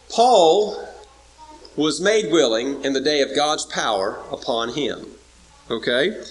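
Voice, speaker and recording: A man's voice: high-pitched, a bit bright, poor audio. A man preaching an evening sermon, emphatic and repetitive, often checking in with his listeners. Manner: emphatic, repeats words, checks in with "all right?" and "okay?".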